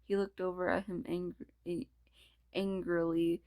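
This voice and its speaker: A woman casually reads a fan story aloud in a lowish voice at a slow pace. She trips over words and restarts lines often. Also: little pitch movement, darkish tone. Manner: stumbling, restarting, laughing asides. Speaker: reader. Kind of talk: reading fan fiction aloud.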